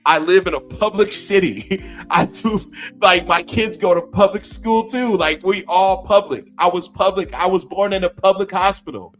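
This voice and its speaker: A man's voice: sits high, normal speed, fairly bright tone, faint music behind. A man in his fifties, a gaming YouTuber, ranting to camera with profanity and scornful laughter. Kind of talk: heated rant to camera.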